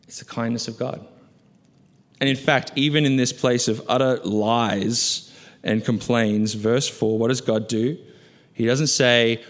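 A male pastor preaching a sermon, asking rhetorical questions and moving between loud emphasis and hushed, low asides. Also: normal speed. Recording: long reverb of a large hall.

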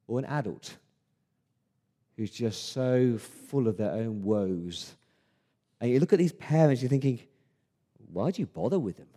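A man's voice: mid-range voice, dark tone. A man preaching a sermon as pastor, earnest and emphatic, often restarting his words.

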